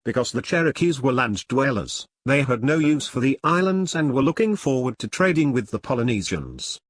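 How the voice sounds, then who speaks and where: A man narrating his own novel in the first person, reading at a measured pace. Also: mid-range voice, big pitch swings, no echo, studio quality. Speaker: author and narrator. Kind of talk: audiobook narration.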